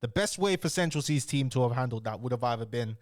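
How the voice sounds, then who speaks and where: A man's voice: medium pitch, expressive, quick pace, darkish tone, no echo, clean studio sound. A man hosting a casual reaction commentary, talking loosely with slang and frequent restarts. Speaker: commentary host.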